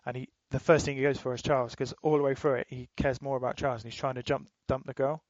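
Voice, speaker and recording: Casting note: man, podcast co-host, loose swearing chatter, flat tone, dry close sound. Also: medium pitch, quick pace, no echo, highs cut off. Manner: rambling, swears freely, laughs while retelling. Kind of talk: casual chat.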